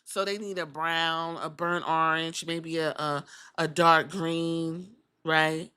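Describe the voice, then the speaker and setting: A woman's voice: deep voice, flat delivery, takes it slowly, pushed and bright, clean tone. A woman hosting a casual wrestling recap podcast, sassy and profane, acting out the people she talks about in put-on voices. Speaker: podcast host.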